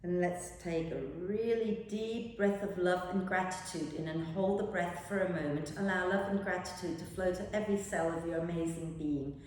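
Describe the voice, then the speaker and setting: A woman yoga teacher giving slow, gentle breathing and relaxation instructions. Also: lowish voice, recorded from a distance. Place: yoga studio. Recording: very echoey room with long reverb, faint noise.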